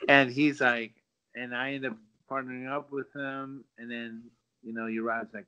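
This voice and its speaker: Animated man telling a fight story. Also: mid-range voice, normal speed, clean tone. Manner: animated, acts out quotes with lots of fillers. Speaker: guest, former pro fighter. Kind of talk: casual storytelling. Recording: dull lo-fi sound.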